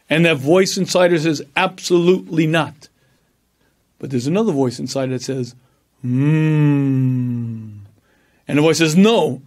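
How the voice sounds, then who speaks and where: A man delivering a lively religious lecture with a slightly higher voice. He tells stories with animation, acts out the voices of the people in them, and clears his throat often between phrases. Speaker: rabbi and lecturer. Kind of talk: Torah lecture.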